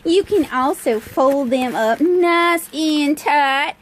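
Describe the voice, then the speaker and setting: Woman doing a genteel Southern lady with a thick sweet drawl, mock-gracious, bit high, on a phone mic. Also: slow pace, slight background noise, low-quality recording. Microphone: cell phone held in hand.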